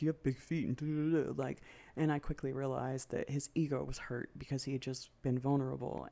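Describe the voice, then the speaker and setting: Gravelly middle-aged woman, dark mellow voice, swears a lot, talks straight into the mic. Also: low voice. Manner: frank and profane, acts out her own past thoughts. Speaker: podcast host. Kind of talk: candid personal storytelling.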